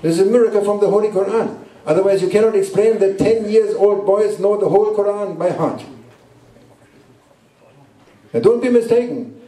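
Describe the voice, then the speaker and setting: Teaching a gathering inside a guesthouse room, this Sufi sheikh has a high, warm voice. He preaches in halting non-native English, returning again and again to short, emphatic lines, captured from afar with roomy echo.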